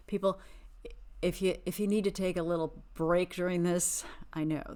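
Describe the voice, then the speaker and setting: A woman hosting a podcast, recapping a reality TV show with sassy, exasperated, animated commentary. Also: fairly low pitch, moderate pace. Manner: animated, dramatic emphasis. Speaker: podcast host.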